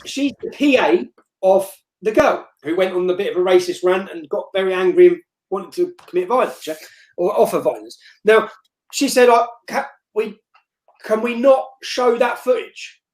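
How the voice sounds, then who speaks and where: A man telling a story as an interview guest on a live stream, blunt and forceful, repeating himself and tagging lines with "yeah?". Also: sits high. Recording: roomy echo.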